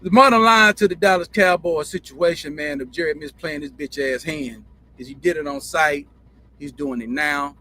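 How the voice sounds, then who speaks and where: Bright, profane Southern man rambling. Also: a little high, normal speed, slight background noise. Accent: Southern US country drawl. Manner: profane, rambling, repeats himself. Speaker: show host. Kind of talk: casual storytelling monologue.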